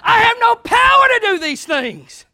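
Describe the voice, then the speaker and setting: A man preaching, acting out an angry, distressed male king who shouts in outrage. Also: very high voice, very animated, normal speed, creaky, no room sound, pitched above the performer's own voice, exaggerated voice. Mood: outraged.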